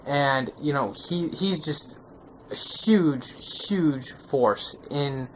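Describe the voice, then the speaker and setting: A man reviewing manga in a casual vlog, excitable and slangy, often checking in with the viewer. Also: on the high side, drawn-out words, a little hiss or hum. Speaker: manga vlogger.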